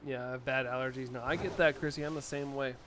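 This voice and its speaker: Answering viewer chat out loud during a casual live stream, an American man speaks in a mid-range voice with a steady tone and quick pace. Allergies make him a little sniffly, and there is slight background noise.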